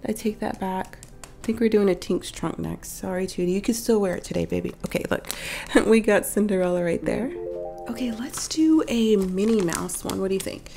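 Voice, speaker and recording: A woman's voice: medium pitch, mellow. A woman hosting a toy unboxing video, chatting casually to her viewers while she strings beads, her voice a bit off from being sick. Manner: talks straight to viewers, chatty, self-correcting, little laughs. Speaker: toy unboxing channel host.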